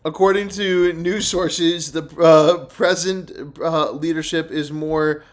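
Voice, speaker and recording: A young man in casual, profane live-stream commentary, reacting to news clips, loud and laughing and swearing constantly. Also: a little high, steady tone, slow.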